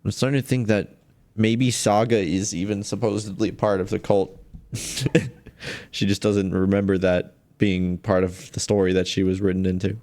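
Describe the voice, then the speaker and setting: Low-voiced man musing through a game. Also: level tone, moderate pace, darkish tone. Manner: musing aloud, chuckling, trailing off. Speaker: streamer. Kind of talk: casual gameplay commentary.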